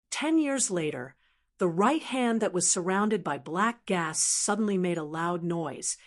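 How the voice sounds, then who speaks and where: A woman narrating a fantasy novel audiobook at a mid pitch. Her reading is steady and even, with a scripted storytelling delivery.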